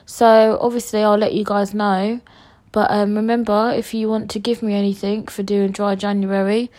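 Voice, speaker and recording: A woman's voice: medium pitch, normal speed. A young woman, hosting a casual story-time podcast, brash and jokey, swearing freely and rambling through her rants. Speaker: podcast host.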